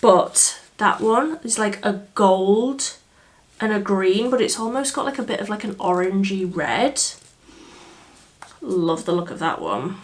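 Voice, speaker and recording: A woman's voice: mid-range voice, lively intonation, measured pace. A woman with a Yorkshire accent, chatting enthusiastically through a makeup review, with fillers and laughs. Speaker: beauty vlogger. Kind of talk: casual makeup review chat. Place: indoors under artificial light.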